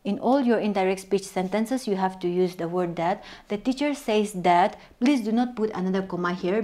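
Mellow-voiced Naga teacher drilling grammar. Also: female voice, medium pitch. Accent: Naga English. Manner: emphatic, repeats words for stress, slows to spell out examples. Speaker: English teacher. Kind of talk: recorded class lesson.

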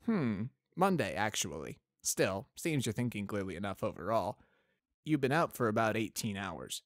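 A man's voice: on the low side, very animated, normal speed, no echo. A man voicing a male pony army doctor who speaks in a dry, formal, wry way.

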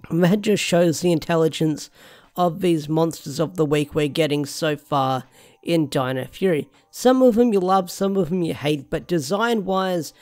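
Young male reviewer, slightly high voice, casual and rambling, thinks aloud. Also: clear, resonant tone. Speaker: show reviewer. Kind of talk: casual solo review talk.

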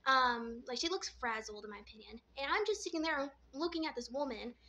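A woman's voice: sits high, animated, a little fast, bright, forceful tone, slight background noise. A woman vlogger casually retelling a dream, rambling and filling her talk with "like". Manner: rambling, full of "like" fillers.

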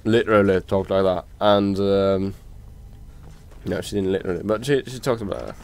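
A man's voice: low voice, moderate pace, gravelly, a little mellow. A man with a Norwegian accent, giving casual gameplay commentary and joking at the game characters, swearing now and then. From Norway. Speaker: let's play commentator.

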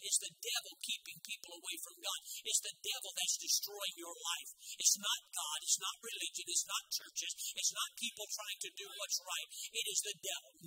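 A man's voice: extremely high pitch, pushed and bright, poor audio. A man with a Midwestern American accent, a pastor preaching a sermon with emphatic, repeated phrases.

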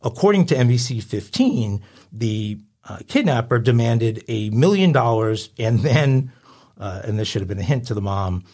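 A man's voice: mid-range voice, lively intonation, normal speed, darkish tone. A man co-hosting a crime podcast, reading news stories aloud with frequent uhs and casual asides. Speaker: podcast co-host.

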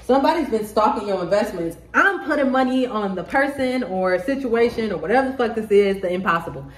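A woman giving a casual tarot reading to the camera, excitable, laughing often and swearing freely. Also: fairly high pitch, brisk. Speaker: tarot reader. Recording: roomy echo.

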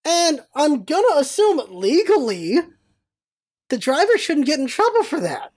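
A woman hosting a casual vlog, telling stories in an animated, rambling way with exclamations and some swearing. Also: high-pitched, measured pace. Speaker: vlog host.

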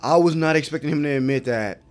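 A man casually reacting to an anime episode as he watches. He is excitable and profane, laughs often and talks back at the screen. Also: fairly high pitch, fast, soft background music.

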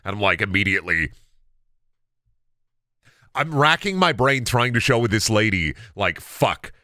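Animated man telling rambling stories, dry close sound. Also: lowish voice, a little slow, no room sound. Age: 30s. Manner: rambling storyteller, stammers and restarts, bursts of loud laughter. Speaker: streamer. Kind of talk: casual chat on a gaming stream.

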